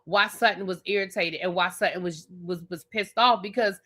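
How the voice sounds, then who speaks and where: A woman's voice: fairly low pitch, moderate pace. A woman hosting a live TV review, ranting bluntly and with plenty of profanity, and talking straight at the people on the show. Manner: animated, blunt and profane, talks straight at the show's cast. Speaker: TV show reviewer and channel host.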